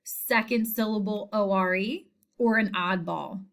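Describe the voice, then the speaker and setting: Slow, patient woman teacher. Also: mid-range voice. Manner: slow, clear, patient explaining. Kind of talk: recorded spelling lesson.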